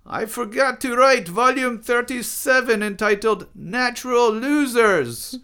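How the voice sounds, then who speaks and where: A man's voice: mid-range voice, expressive, slow, a bit bright, pitched above the performer's own voice. A man doing a yelping, sputtering naturalist. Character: excitable male naturalist shouting from a car.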